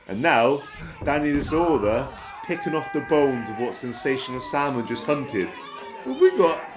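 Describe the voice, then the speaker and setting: Excitable wrestling commentator over music. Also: male voice. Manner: excitable, jumps to high yelps at big moves. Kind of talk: play-by-play commentary.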